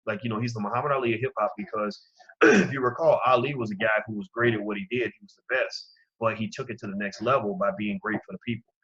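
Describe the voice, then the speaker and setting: A man's voice: fairly low pitch, steady tone, fast, fairly bright tone, husky, highs cut off. A man hosting his own commentary show, talking to his listeners in an impassioned, preaching way. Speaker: commentary channel host. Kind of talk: opinion commentary.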